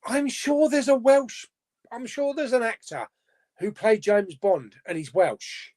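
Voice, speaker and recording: A man's voice: very high-pitched, unhurried, darkish tone. A man hosting a casual live chat, reading out viewer comments and musing aloud, laughing to himself as he goes. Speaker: host.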